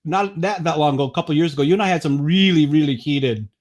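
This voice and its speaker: A man's voice: a little high, quick pace, darkish tone. A man appearing as a guest on a casual political chat, blunt and profane, rambling through his points.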